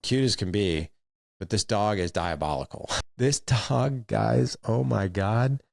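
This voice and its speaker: A man hosting a podcast, telling a personal story in a candid, animated way with acted-out quotes. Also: lowish voice, slow pace, gravelly, dry recording, clean studio sound. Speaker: podcast host.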